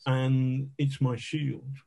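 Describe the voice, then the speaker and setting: A middle-aged man with a husky, mellow voice spins frank, self-mocking war stories as a podcast guest. He swears casually and laughs at himself as he goes. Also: mid-range voice, monotone, drawn-out words. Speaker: guest, investigative journalist. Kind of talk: conversational storytelling.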